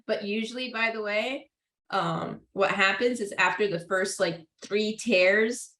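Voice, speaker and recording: A woman's voice: medium pitch, unhurried, sharp tone. Young woman teaching psych class, chatty, lots of like and right, echoey classroom. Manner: chatty, lots of "like" and "right?", acts out what parents say. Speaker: psychology lecturer. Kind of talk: casual classroom lecture. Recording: roomy echo.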